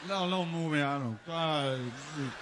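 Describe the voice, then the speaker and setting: A man's voice: on the high side, unhurried, noisy background. A man performing live stand-up comedy, telling a profane story and jumping into acted voices.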